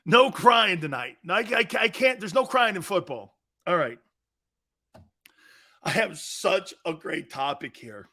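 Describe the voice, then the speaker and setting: A man hosts a live sports talk show in a brash, trash-talking way, often breaking into laughter. His voice sits high for a man and has a bright, forceful edge. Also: animated, unhurried, long pauses. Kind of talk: live sports radio show reading listener chat.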